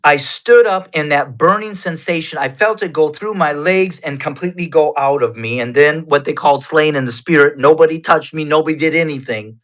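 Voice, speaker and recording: Speaking in a somewhat high, slightly bright voice, a man tells his faith testimony as a guest. He recounts it earnestly and conversationally, without hurrying.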